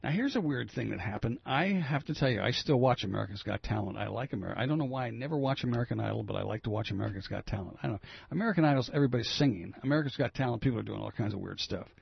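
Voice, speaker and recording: A man's voice: medium pitch, lively intonation, very fast, gravelly, breathy edge, dry recording, highs cut off. A man hosting a talk radio show, reading news items and riffing on them in a rambling, opinionated way. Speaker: local radio host. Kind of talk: casual talk radio commentary.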